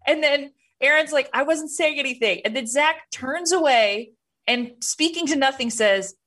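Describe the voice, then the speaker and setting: A woman co-hosting a podcast in casual chat, animated and laughing often as she tells a story. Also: high-pitched, moderate pace. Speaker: podcast co-host.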